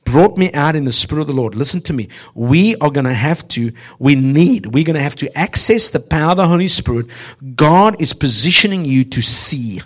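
A man's voice: on the high side, expressive, moderate pace. A man preaching a humorous, prophetic sermon to a church congregation, exhorting and speaking to the listeners directly. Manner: exhorting, addresses listeners directly, often laughing. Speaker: visiting preacher.

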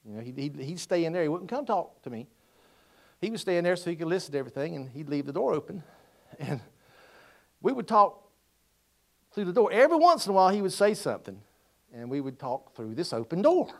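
A middle-aged man preaching a storytelling sermon, folksy, dropping to quiet asides and rising to loud exhortation. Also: fairly high pitch, big pitch swings, a little fast, gravelly, pauses often.

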